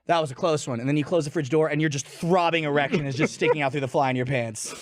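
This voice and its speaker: A man on a podcast playfully teasing his co-hosts with an animated, joking retelling. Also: on the high side, fast talker, no echo. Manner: animated, teasing, stumbling start. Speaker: podcast host. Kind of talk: casual chat.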